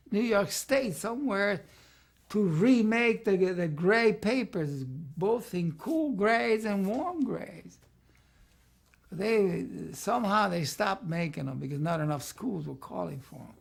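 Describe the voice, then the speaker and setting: A man's voice: sits high, gravelly, slightly rough. An older man, a longtime art teacher, reminiscing in a rambling way and often saying "see" as he explains. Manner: rambling, peppers talk with "see". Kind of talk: reminiscing interview talk.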